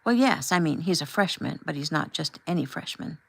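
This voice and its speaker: A woman's voice: low-pitched, expressive, fairly quick, creaky, no echo, full character voice. A woman voicing a prim, self-important woman chaperone who talks in a flustered, defensive way in an audiobook.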